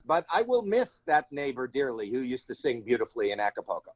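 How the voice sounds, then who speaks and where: A comedian guest in an interview, telling stories in an animated way and acting out the people in them with sudden shrill cries. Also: male voice, quick pace, dry recording. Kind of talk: animated storytelling in a casual interview. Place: home.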